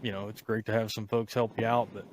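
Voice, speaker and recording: A man's voice: lowish voice, little pitch movement, fast talker, a little hiss or hum. A man hosting a podcast in casual chat, eagerly congratulating his guests. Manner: enthusiastic, warmly congratulating. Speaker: podcast host.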